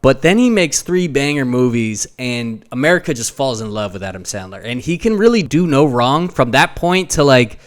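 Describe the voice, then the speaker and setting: A man co-hosting a casual podcast, talking at length and breaking into goofy high impressions now and then. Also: moderate pace, few pauses. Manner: animated storyteller who breaks into goofy sung impressions. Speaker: podcast co-host. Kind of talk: casual chat.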